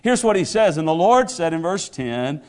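A man's voice: on the high side, very animated, moderate pace. Male preacher with stammering restarts. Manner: stammering restarts, builds to emphatic proclamations. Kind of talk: sermon.

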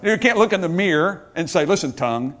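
A man's voice: high-pitched, brisk, fairly bright tone. A male pastor preaching a sermon, joking with the congregation and asking them questions.

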